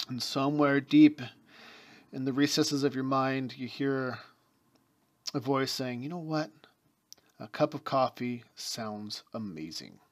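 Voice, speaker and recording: A man giving a spoken lecture as teacher of a mystery school, explaining ideas through everyday examples and talking in fits and starts. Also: fairly high pitch.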